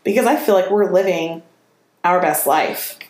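A woman's voice: lowish voice, moderate pace, darkish tone. A woman co-hosting a podcast, talking earnestly and at length in a casual chat. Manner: earnest and talkative, laughs easily. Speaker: podcast co-host. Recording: roomy echo with faint noise.

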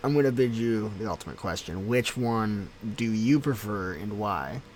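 A man hosting a laid-back podcast, his voice sitting a little low. He keeps things playful and laughs easily. A faint hiss runs under the talk. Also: lively intonation, normal speed, darkish tone. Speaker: podcast host. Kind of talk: casual podcast conversation.

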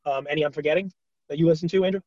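Chatty man with a slightly higher voice. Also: racing, no echo, highs cut off. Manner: chatty, many fillers, animated retelling of stories. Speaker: podcast co-host. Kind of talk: casual chat.

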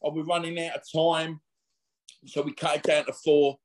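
A man's voice: on the high side, flat delivery, moderate pace. A middle-aged man, a former boxer telling rambling, slangy stories in a casual interview. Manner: chatty, rambling, laddish slang with frequent fillers.

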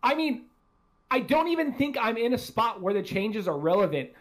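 A man's voice: very high voice, sing-song, moderate pace. A man hosting a casual gaming podcast, rambling and swearing freely as he talks. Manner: rambling, profane, self-deprecating. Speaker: podcast host.

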